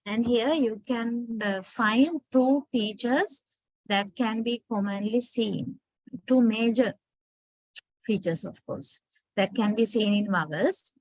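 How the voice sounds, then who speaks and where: A woman's voice: fairly high pitch, slow, a little mellow, no echo, rough recording. A middle-aged woman with a Sri Lankan English accent giving a university phonetics lecture, explaining step by step and often asking "right?".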